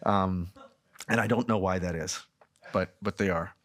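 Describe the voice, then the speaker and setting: A man in his thirties, a film director answering questions at a festival talk, telling lively stories and acting out the people in them. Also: low voice, a little slow. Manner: animated storytelling, frequent laughs, acts out quoted people.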